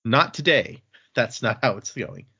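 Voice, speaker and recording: Husky-voiced man recapping a book. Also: medium pitch, animated, a little slow, bright, forceful tone. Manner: retells scenes, acts out character quotes. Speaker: podcast host. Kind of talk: casual book-discussion chat. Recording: dull lo-fi audio.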